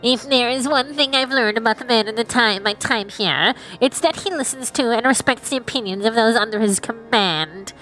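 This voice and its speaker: A woman with a cold, reading out the lines of a gruff male quartermaster from a game at an uneven pace. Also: fairly high pitch, moderate pace, few pauses, fairly bright tone, lightly acted, low-quality recording. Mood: matter-of-fact. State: has a cold. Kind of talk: reading game dialogue aloud. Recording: faint game music behind.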